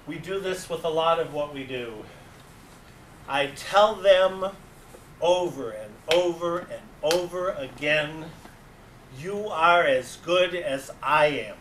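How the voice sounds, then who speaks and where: A man's voice: fairly high pitch, slow pace. A man with a New England accent giving a storytelling presentation to a meeting, acting out voices in his anecdotes. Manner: animated, acts out voices in anecdotes. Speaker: club advisor giving a talk. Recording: echoey room, distant mic, faint hiss.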